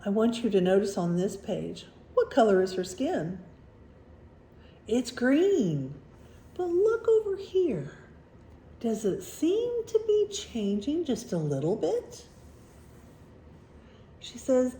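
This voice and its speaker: Gentle woman story reader for children; mellow, animated, unhurried. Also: on the high side, a little hiss or hum. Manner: gentle, questioning, engaging. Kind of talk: reading aloud to children, asking questions. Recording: roomy echo.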